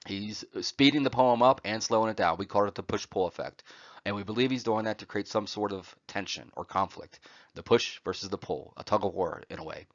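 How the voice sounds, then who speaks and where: Lower-voiced man giving a lo-fi lecture. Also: a little fast, no echo. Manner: frequent "uh" fillers and tag "right?". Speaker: college lecturer. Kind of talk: recorded classroom lecture. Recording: dull, dry lo-fi recording.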